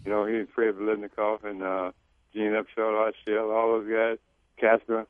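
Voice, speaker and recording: A man, a former teammate, speaking as a guest on a phone-in radio interview in a halting, reflective way that repeats words. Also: fairly low pitch, completely flat delivery, no echo. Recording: tinny phone line.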